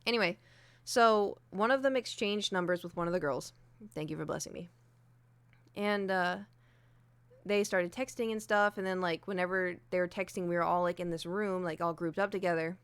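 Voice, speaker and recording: Young woman streamer, lowish smooth voice, candid rambling chat, dry close sound. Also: moderate pace, a bit bright, no echo. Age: young adult. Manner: candid, self-deprecating, many fillers. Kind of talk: casual chat. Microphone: desk mic with ring light.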